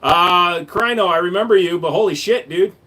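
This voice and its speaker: This male streamer's voice sits high, with a sharp tone and a normal speaking speed. On a casual livestream he goes through viewer comments, trading blunt, profanity-laced jokes with chat.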